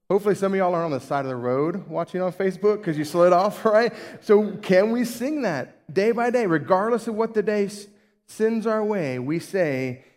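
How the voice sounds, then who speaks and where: Higher-voiced preacher in an echoing hall. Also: male voice, animated, normal speed, darkish tone. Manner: conversational, asks the congregation questions, often adds "right?". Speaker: pastor. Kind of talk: sermon.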